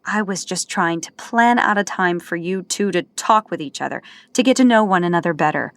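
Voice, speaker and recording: A woman's voice: on the low side, lively intonation, moderate pace, no echo. A woman voicing an embarrassed, protesting young man of eighteen in an audiobook, with faint music behind. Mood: flustered. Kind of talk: audiobook character voice.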